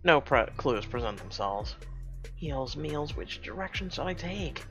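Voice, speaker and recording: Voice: medium pitch, expressive, a little slow, a bit bright, soft background music. A streamer reading a story game aloud, breaking in with wry, sarcastic asides.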